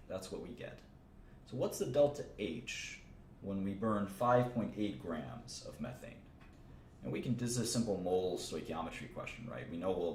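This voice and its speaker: Low-voiced man lecturing on chemistry. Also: a little mellow, roomy sound, a little hiss or hum. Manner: thinks aloud, repeats phrases, casual asides. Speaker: chemistry teacher. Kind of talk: informal livestream lecture.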